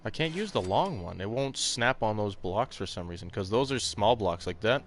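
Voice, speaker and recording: A man's voice: on the low side, animated, moderate pace, soft background music. A man hosting a casual let's play stream, rambling and swearing, with lots of fillers. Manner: rambling, profane, full of fillers. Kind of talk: casual gameplay chat.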